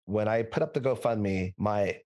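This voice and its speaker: Low-voiced man, measured podcast guest. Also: darkish tone. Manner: measured, pauses with fillers. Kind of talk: casual podcast chat.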